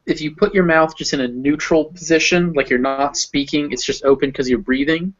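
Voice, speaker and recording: A man's voice: fairly high pitch, steady tone, a little fast. Patient man tutoring pronunciation, lo-fi. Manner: patient, explaining with spoken examples. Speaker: phonetics tutor. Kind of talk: one-on-one pronunciation lesson. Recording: dull lo-fi recording.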